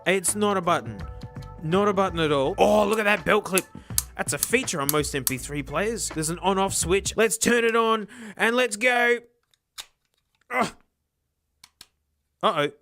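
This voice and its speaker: A man with a South Australian accent hosting a casual comedic vlog, energetic and slangy, saying "mate" constantly. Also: sits high, unhurried, long pauses, faint music behind. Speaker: video host.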